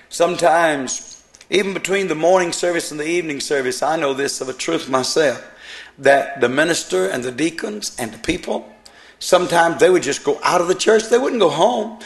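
Fervent older preacher, man. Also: a little high. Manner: fervent, rising to emphatic peaks, drawn-out stressed words. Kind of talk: Pentecostal-style sermon.

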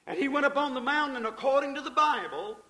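A man preaching a sermon in a fervent, folksy way, swinging between loud passages and hushed ones and calling his listeners folks. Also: very high voice, expressive, fast, poor audio. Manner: folksy, addresses the audience as folks.

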